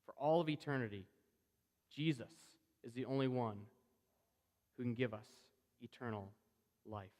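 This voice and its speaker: A man preaching a sermon in a conversational, animated way, acting out the voices he quotes. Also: mid-range voice, measured pace, pauses often, long reverb tail.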